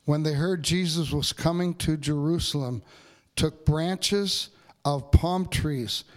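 Conversational pastor preaching a sermon. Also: male voice, slow. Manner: conversational, with filler words and asides to the congregation; builds to excited, higher-pitched preaching.

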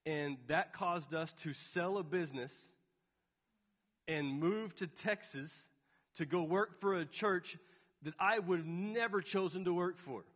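Young pastor, earnest storyteller, slightly high voice, dull recording with long hall echo. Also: male voice, a little slow, fairly bright tone, slightly rough. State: tearful. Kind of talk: sermon.

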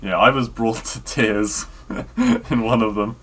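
A man co-hosting a podcast, telling stories in a rambling, animated way. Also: lowish voice, takes it slowly, slight background noise. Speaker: podcast co-host. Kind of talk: casual chat.

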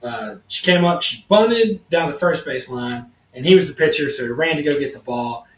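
A man's voice: a little high, moderate pace. A man co-hosting a casual podcast, telling rambling stories and acting out what people said. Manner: rambling, animated storyteller who acts out quotes. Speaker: podcast co-host. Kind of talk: casual storytelling chat. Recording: roomy echo, mic at a distance.

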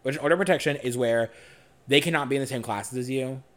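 A young man co-hosting a podcast, telling a personal story in a frank, animated way and swearing freely. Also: medium pitch, fast talker. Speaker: podcast co-host.

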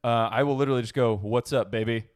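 A man's voice: mid-range voice, fairly even intonation, fast talker, darkish tone, no room sound, clean studio sound. A man co-hosting a podcast in casual chat, rambling, laughing often and swearing freely. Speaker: podcast co-host.

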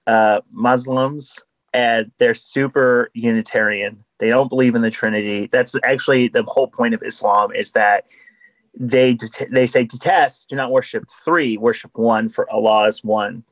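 A man speaks as a guest on a podcast, earnest and explanatory in a casual conversational tone. His pitch sits in the middle range. The recording is dry and close, with no room sound. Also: no echo, poor audio.

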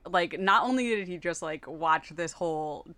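A woman with a lowish voice co-hosts a casual podcast. She is dry in her quips and walks through her reasoning steadily. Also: moderate pace, a bit bright, no room sound. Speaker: podcast co-host. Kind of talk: casual chat.

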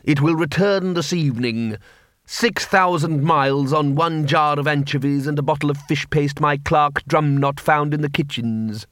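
A man's voice: fairly high pitch, normal speed, a bit bright, no room sound, clean studio sound, lightly acted. A man voicing a cool, cunning city ruler who speaks in precise, dryly ironic sentences.

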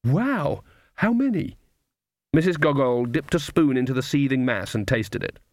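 A man reads an audiobook aloud in measured, even storytelling. His voice sits in a middle pitch. The recording is dry, with no room sound. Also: no room sound. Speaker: audiobook narrator. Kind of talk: scripted narration.

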